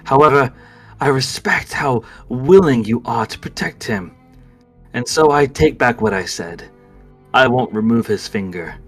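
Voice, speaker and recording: A man's voice: mid-range voice, measured pace, faint music behind, low-quality recording. A man voicing a smug, taunting villain. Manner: calm, taunting, theatrical. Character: smug playful male villain captor.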